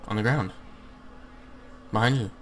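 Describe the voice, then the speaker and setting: A man's voice: lowish voice, measured pace, slight background noise, low-quality recording. A man chatting, teasing and laughing while playing a game with a friend. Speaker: gamer co-host. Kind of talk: casual gaming chat.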